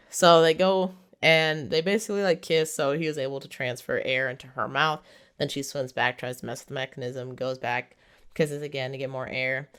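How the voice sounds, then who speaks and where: Woman, low pitch, smooth clear voice, chatty movie recap, lots of fillers. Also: fairly bright tone. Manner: chatty, heavy use of "like", laughs while retelling. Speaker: movie reviewer.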